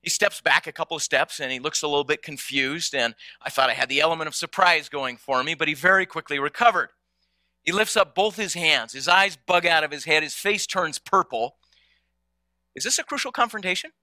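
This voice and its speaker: A man's voice: fairly high pitch, a little fast, pushed and bright, no echo. A man telling a personal story in a conversational way to an audience, often repeating small words as he goes. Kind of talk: storytelling talk.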